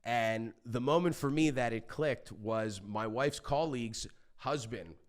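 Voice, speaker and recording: A man talking as a podcast guest, telling stories in a passionate, animated way and swearing freely. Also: mid-range voice, unhurried. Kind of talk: casual interview talk.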